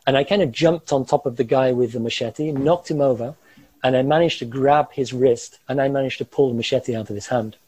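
A man vividly recounting a personal ordeal in an interview, animated and chuckling through the tense parts. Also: medium pitch, a little fast, husky, no room sound, low-quality recording. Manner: animated, gestures while talking, chuckles through tense moments. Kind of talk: vivid first-person storytelling.

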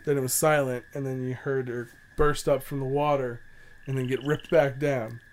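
A man's voice: medium pitch, little pitch movement, moderate pace. Man narrating a tabletop game. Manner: casual, laughs at his own narration. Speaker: game master.

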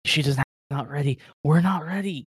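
A man's voice: medium pitch, steady tone, unhurried, a bit bright, dry recording, clean studio sound, lightly acted. Man doing a frantic, freshly woken stranger. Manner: archaic, formal phrasing. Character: confused, frantic man just woken from long sleep.

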